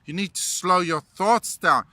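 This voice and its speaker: Slow earnest male motivational speaker. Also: high-pitched, sharp tone, dry recording, poor audio. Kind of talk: motivational storytelling talk.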